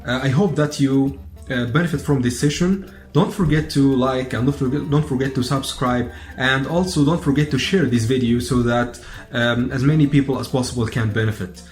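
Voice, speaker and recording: A man with an Egyptian accent teaching Arabic pronunciation. He speaks slowly and repeats each word several times so learners can follow. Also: medium pitch, roomy sound, faint music behind. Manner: slow, repeats words many times for learners. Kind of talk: pronunciation lesson.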